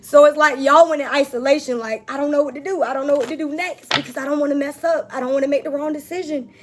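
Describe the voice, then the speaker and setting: A woman's voice: high-pitched, fairly even intonation, fast talker, background noise. A woman giving an emotional spiritual tarot reading, talking casually and emphatically to her viewers. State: tearful, on the verge of crying. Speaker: tarot reader.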